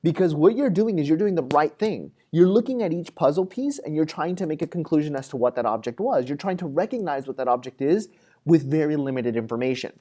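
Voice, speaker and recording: A man with a slightly high, dark-toned voice lectures on psychology in an animated, slightly quick way. His talk is conversational and peppered with fillers, and he acts out daily situations in quoted voices.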